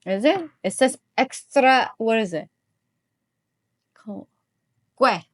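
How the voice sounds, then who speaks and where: A woman's voice: a little high, expressive, slow pace, dry recording, studio quality. A woman cooking at home and chatting playfully, dropping in bits of Malaysian slang as she talks. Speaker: home cook. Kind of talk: casual cooking vlog chat.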